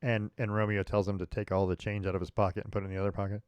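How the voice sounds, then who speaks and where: A man's voice: on the low side, level tone, rapid-fire, smooth, no room sound. A man co-hosting a sports podcast, chatting casually with many fillers and restarts. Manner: rambling, frequent restarts and fillers, chuckling. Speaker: podcast co-host.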